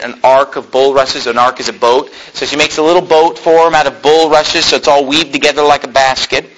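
Bright-voiced man preaching a conversational sermon. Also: mid-range voice, a little hiss or hum, low-quality recording. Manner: conversational, keeps checking in with "okay?". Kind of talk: sermon with scripture reading.

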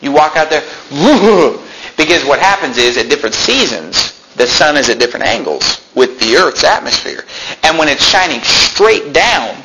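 A pastor preaching a sermon in a church, explaining scripture with rhetorical questions and folksy asides. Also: male voice, a little high, very animated, moderate pace, noisy background.

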